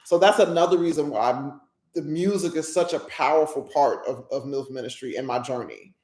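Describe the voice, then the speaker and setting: A woman's voice: deep voice, a little fast, a little mellow. A woman hosts her own podcast and speaks openly in a reflective solo monologue. She is emotional and candid, and she often restarts her sentences as she works through her thoughts. Her voice carries a noticeable room echo. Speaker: podcast host.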